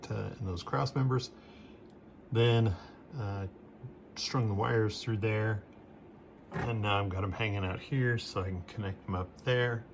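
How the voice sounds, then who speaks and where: A man's voice: lowish voice, measured pace, vocal fry, long pauses, background noise. A man casually narrating while he works on his model railroad, talking as he goes and breathing hard, recorded on a phone. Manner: relaxed, talks while working with hands. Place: indoor hobby room at a model railroad layout.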